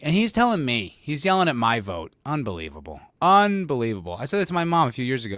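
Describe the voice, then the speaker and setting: A man's voice: medium pitch, wildly swooping pitch, fast, hardly any pauses, fairly bright tone, no echo, studio quality. Sarcastic, rambling male podcast host. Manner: sarcastic, rambling, profane, laughs often. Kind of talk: casual solo commentary.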